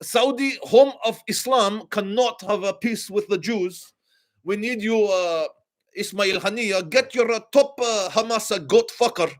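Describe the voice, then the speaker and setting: A man doing a loud, bossy regime leader. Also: high-pitched, a little slow, pitched above the performer's own voice. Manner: loud, raised, hesitant with fillers. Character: scheming male regime leader giving orders.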